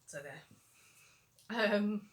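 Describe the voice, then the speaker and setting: A woman's voice: medium pitch, lively intonation, drawn-out words. A young adult woman, an author answering viewer questions in a casual livestream Q&A, chatty and rambling with lots of fillers.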